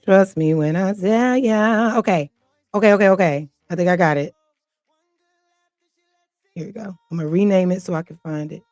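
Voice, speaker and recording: A woman's voice: fairly low pitch, normal speed, long pauses, a little mellow, no room sound. Chatty, flustered woman livestream host. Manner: chatty, flustered, laughs often. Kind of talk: casual chat to a live audience.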